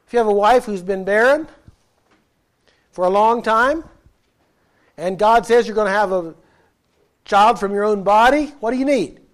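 A man's voice: high-pitched, moderate pace, long pauses. A man preaching a sermon, emphatic and asking his listeners questions as he explains scripture. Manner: emphatic, asks the congregation questions.

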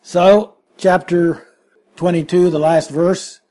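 A man's voice: sits high, normal speed, darkish tone. A man preaching a sermon, emphatic and full of rhetorical questions.

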